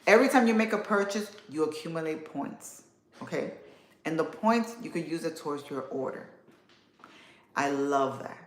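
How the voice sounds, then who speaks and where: A woman in her thirties hosting a casual livestream, chatting warmly and answering viewer comments. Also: low-pitched, expressive, normal speed. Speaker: livestream host. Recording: echoey room.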